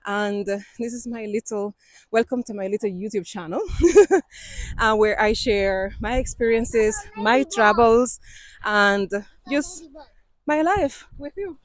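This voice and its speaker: Breathy Cuban woman vlogging on a trail. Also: fairly high pitch, slow pace, no room sound. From Cuba. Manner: chatty, laughs often, non-native phrasing. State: out of breath from climbing. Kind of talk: casual walking vlog. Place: mountain trail outdoors.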